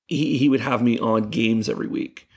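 A young man, a youth pastor, telling animated stories in casual chat with lots of fillers. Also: mid-range voice, moderate pace, creaky, slightly rough. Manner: animated, laughing storyteller with many fillers. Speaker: youth pastor, podcast guest.

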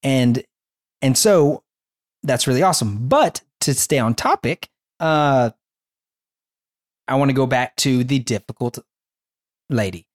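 A young man telling a personal faith story in casual chat, animated and rambling with many restarts. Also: medium pitch, a little slow, pauses often.

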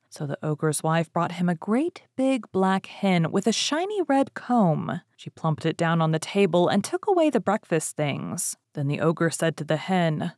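A woman narrating a fairy tale, reading expressively with lively rises on exciting words. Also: sits low, unhurried, few pauses, no room sound, studio quality. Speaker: story reader. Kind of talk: storybook narration.

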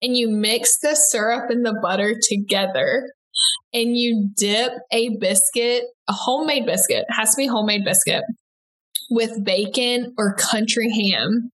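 A young adult woman with a Southern US accent, a guest chatting quickly in an interview with lots of likes and restarts. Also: on the high side, fairly bright tone. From American South. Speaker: interview guest, aspiring broadcaster. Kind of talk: casual interview chat.

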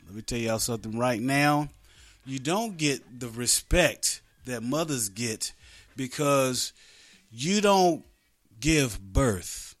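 Male radio host, a bit high-pitched, casual and rambling, quick to laugh. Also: lively intonation, a bit bright, soft background music. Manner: rambling, joking, laughs often.

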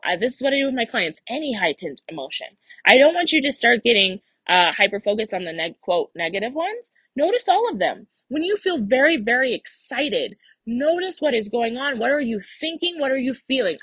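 Young woman, podcast life coach, lively swinging pitch, slightly husky, dry close sound. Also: fairly quick, dry recording. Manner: animated, acts out listeners' inner voices. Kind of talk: solo podcast talk.

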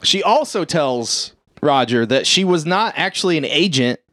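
A man's voice: a little high, lively intonation, moderate pace, fairly bright tone, no echo. A man co-hosting a podcast, recapping a film in casual chat. He rambles, swears and jokes. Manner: rambling, profane, jokey storytelling. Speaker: podcast co-host.

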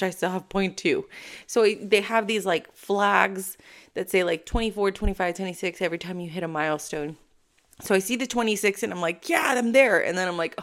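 An animated woman talks straight to camera in a casual motivational style. She leans hard on her emphasis, and her voice swings as she acts out her own inner thoughts. She sounds sure of herself throughout. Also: medium pitch. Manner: self-assured. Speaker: motivational vlogger.

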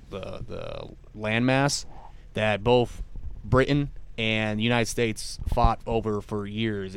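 A man's voice: lowish voice, smooth. A man in a casual chat, rambling as he tells a history story.

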